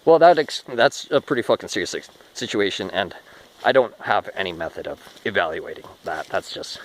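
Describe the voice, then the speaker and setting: A man's voice: sits low, expressive, brisk, a little hiss or hum, poor audio. A man talking through a rambling spoken monologue, restarting often and swearing casually. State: short of breath.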